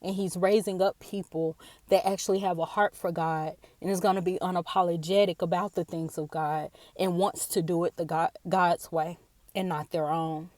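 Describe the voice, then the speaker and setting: Woman, earnest devotional talk, halting and repetitive, tearful, dry close sound. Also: on the low side, fairly even intonation, darkish tone, no echo. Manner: earnest, halting, repeats words. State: tearful after a day of crying. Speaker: faith speaker.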